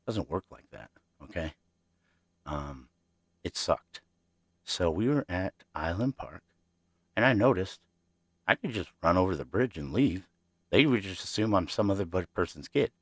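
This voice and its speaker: A man's voice: deep voice, expressive, normal speed, pauses often, dry recording, clean studio sound. A man hosting his own podcast, telling childhood stories in a rambling, chatty way and talking straight to his listeners. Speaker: podcast host. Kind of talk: casual storytelling.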